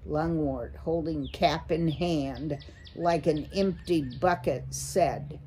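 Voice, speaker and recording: Slow woman reading a children's book. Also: sits low, warm tone, slight background noise. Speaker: storyteller. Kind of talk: children's book read-aloud.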